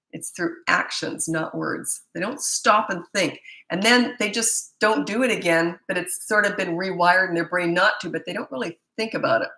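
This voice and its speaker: A woman's voice: on the low side, bright, forceful tone, reverberant, low-quality recording. A woman in her fifties, a parenting coach, answering viewer questions in a chatty, blunt way, with stammered restarts. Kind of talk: live Q&A answering viewer comments.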